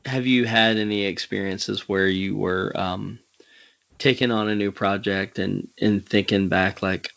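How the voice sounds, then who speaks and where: A man's voice: on the low side, steady tone, measured pace, vocal fry, a bit bright, highs cut off. A man with a Southern US accent hosting an interview, rambling and hesitant, laughing often. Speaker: podcast host. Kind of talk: casual interview chat.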